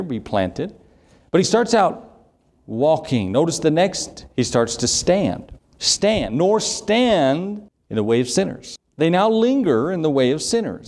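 A man's voice: a little high, darkish tone. A man preaching a sermon, reading scripture aloud and asking rhetorical questions with emphasis. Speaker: pastor.

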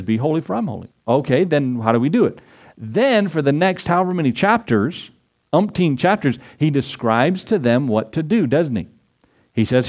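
A pastor with a medium-pitched voice preaches a sermon in an animated, conversational style, frequently putting questions to his listeners.

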